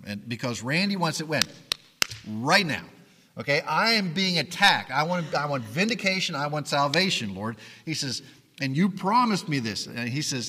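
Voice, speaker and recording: A man preaching a sermon as pastor, earnest and pleading, often dropping to quiet emphasis. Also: fairly high pitch, big-room sound.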